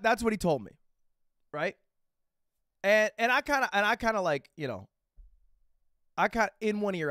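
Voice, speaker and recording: Chatting to his live audience, this streamer rambles through a casual story, cursing freely and pausing to ask "right?" and "okay?" His voice is high with a fairly bright tone, and the recording is clean studio audio without echo.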